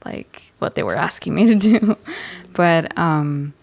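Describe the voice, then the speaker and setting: A young woman moderating a casual panel discussion, telling stories with lively acted-out quotes. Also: slow, creaky. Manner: animated storyteller, acts out quotes in a high voice.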